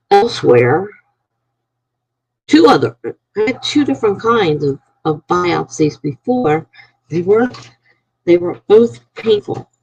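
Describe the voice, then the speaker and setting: Tired woman with a gravelly voice. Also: on the low side, a little mellow, no room sound, dull audio. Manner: rambling, conversational storytelling to viewers. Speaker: live streamer. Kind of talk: casual live-stream chat.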